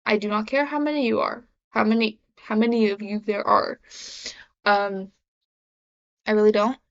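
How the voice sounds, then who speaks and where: Speaking at a normal speed in a medium-pitched, steady tone, a young adult woman rambles to camera in a confessional vlog, full of fillers and restarts. She is a vlogger, and the lo-fi sound comes across dull.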